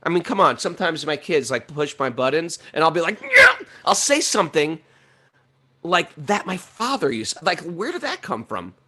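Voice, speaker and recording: A middle-aged man talking in a casual, animated way about spiritual life, laughing often as he tells stories. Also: on the high side, moderate pace, breathy edge. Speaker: podcast host.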